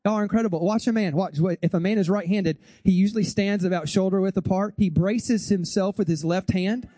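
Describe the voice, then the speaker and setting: A man's voice: high-pitched, dark tone, no echo. A middle-aged man preaching a humorous sermon, chatting straight at the congregation and acting out little scenes. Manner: chatty, joking, addresses the congregation directly; acts out voices and gestures in quick asides. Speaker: pastor.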